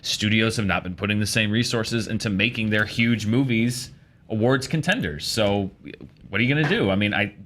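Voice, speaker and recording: A man's voice: on the low side, normal speed, fairly bright tone, slight background noise. A man co-hosting a casual entertainment panel chat, opinionated and chatty, often restarting his sentences. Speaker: panel co-host.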